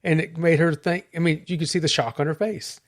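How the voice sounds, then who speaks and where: Male Christian podcast host, earnest and reflective, slightly high voice. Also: fairly even intonation. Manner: earnest, reflective, slow emphasis. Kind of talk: casual chat.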